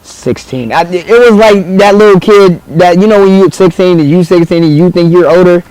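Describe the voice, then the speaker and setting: A teenage man from the United States chats as a guest and tells animated stories. His voice sits a little high for a man, and he slips into quoted voices and laughs as he goes. It sounds like a casual podcast studio. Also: moderate pace, dry recording, rough recording. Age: teens. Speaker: guest artist. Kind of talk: casual storytelling.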